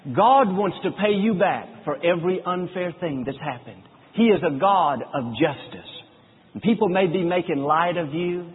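A man preaching a sermon, telling stories earnestly and slowing down when he quotes scripture. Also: fairly high pitch, slightly rough. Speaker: pastor. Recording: phone-like sound with long hall reverb.

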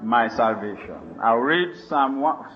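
A male pastor preaching a sermon, animated, laughing and calling for responses from the congregation. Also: medium pitch, slow, dull audio, faint music behind.

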